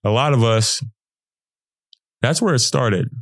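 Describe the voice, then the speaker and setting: A young man hosting a motivational podcast, talking casually with slang, laughing often and jumping into high mocking voices when he quotes people. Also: slow, no room sound, studio quality. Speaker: podcast host. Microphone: podcast setup.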